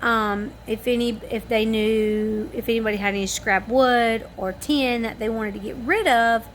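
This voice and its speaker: At home in the evening, a weary family vlogger yawns and rambles in a homespun chat to camera. Her voice leans high, with fairly even intonation and a moderate pace, over slight background noise.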